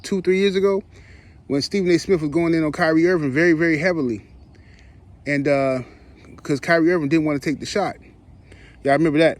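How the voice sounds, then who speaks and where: A man's voice: on the high side, darkish tone. Heated rambling male commentator. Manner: heated, rambling, slangy, with frequent restarts. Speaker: YouTube commentator. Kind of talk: opinion commentary vlog.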